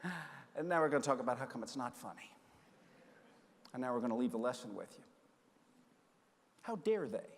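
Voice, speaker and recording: A middle-aged man giving a conference keynote, telling a story and acting out the dialogue with lively energy. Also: medium pitch, fairly quick, pauses often. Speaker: keynote speaker. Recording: long hall reverb.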